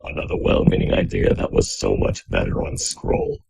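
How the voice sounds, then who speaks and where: A man voicing a hovering robot orb, deep and mechanical, earnest and lecturing. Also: normal speed, darkish tone, no echo, natural voice, rough recording. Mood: hesitant. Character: Watcher speaking through a hovering robot orb.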